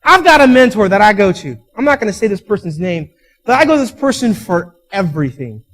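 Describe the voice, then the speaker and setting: A man's voice: high-pitched, very animated, brisk, low-quality recording. A man preaching a sermon as pastor, telling stories with emphatic peaks and acting out quoted voices. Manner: storytelling, acts out quoted voices; emphatic, rising to loud peaks.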